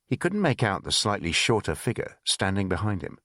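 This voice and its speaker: A man reading a spy thriller audiobook in measured, expressive narration. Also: fairly low pitch, no room sound, studio quality.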